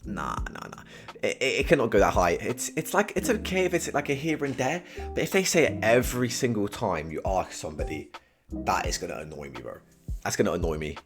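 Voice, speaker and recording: A man's voice: on the low side, fairly quick, over music. Slangy young man with big swings. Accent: British. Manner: slangy and animated, keeps saying "bro", swings from mumbling to shouting. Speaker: tier list host. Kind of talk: casual comedic tier-list commentary.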